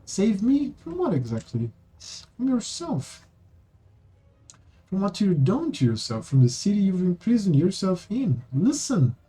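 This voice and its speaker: Pria memerankan gadis pendeta bersuara mencicit dan memohon. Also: male voice, huge pitch swings, unhurried, mellow, husky, heavily acted, low-quality recording. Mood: pleading. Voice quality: squeaky. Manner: pleading, earnest. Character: squeaky young woman preacher, earnest and pleading. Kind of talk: reading game dialogue aloud.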